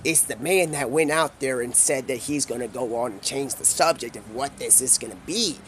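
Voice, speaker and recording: A man's voice: medium pitch, moderate pace, fairly bright tone, slight background noise, lightly acted. A man doing a scolding talking llama.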